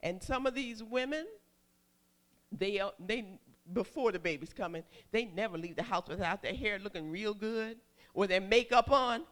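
A middle-aged woman preacher telling a personal story in a sermon, animated, calling out for amens. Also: mid-range voice, normal speed. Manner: animated storytelling, calls for amen, shouts acted quotes.

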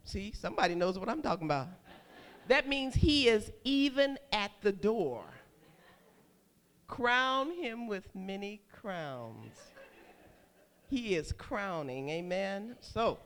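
A middle-aged woman preacher telling a personal story in a sermon, animated, calling out for amens. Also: medium pitch, unhurried. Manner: animated storytelling, calls for amen, shouts acted quotes.

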